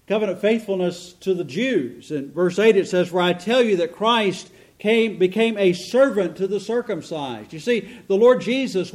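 High-voiced man preaching an earnest sermon. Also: darkish tone. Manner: earnest, emphatic preaching with rhetorical questions. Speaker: pastor.

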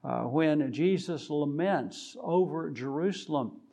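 A man preaching a sermon, deliberate and measured with frequent pauses, building to emphatic rises on key points. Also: a little high, vocal fry, dark tone.

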